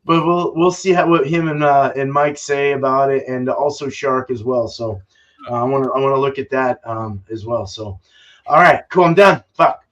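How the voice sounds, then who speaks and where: A man's voice: medium pitch, normal speed. A man hosting a casual home-brew live stream, talking loosely with lots of fillers and swearing. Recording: dull lo-fi stream audio.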